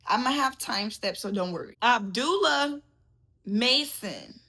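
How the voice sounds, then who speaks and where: A woman's voice: on the high side, animated, measured pace, bright, forceful tone. A woman hosting a casual boxing commentary vlog, chatty and laughing, calling her viewers baby. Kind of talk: casual chat to camera.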